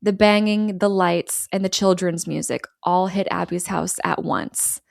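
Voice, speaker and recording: A woman's voice: on the low side, fairly even intonation, measured pace, gravelly, darkish tone, dry recording, clean studio sound. Woman casually recapping a film plot. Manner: acts out quoted lines, laughs often. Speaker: podcast host recapping a film.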